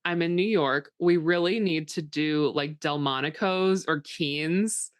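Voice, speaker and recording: A woman with a very low voice co-hosts a podcast in relaxed casual chat. She drops playful asides, and her voice sounds dry and close, with no room echo. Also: a little slow. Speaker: podcast co-host.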